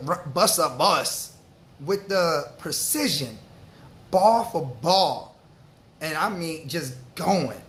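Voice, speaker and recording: Animated New man in his forties. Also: high voice. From New York. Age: 40s. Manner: animated, slangy, streetwise storytelling. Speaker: vlogger. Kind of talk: casual storytelling to camera.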